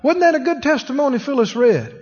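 A man's voice: very high voice, expressive, brisk, darkish tone. A man preaching a conversational sermon, asking the congregation questions as he teaches. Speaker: pastor. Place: church sanctuary. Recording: dull lo-fi recording in a long-reverb hall.

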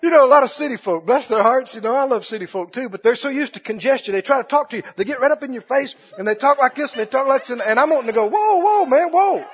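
A man preaching a sermon emphatically, repeating phrases and rising into shouts. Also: very high-pitched, fast, few pauses, slightly rough. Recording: dull lo-fi recording.

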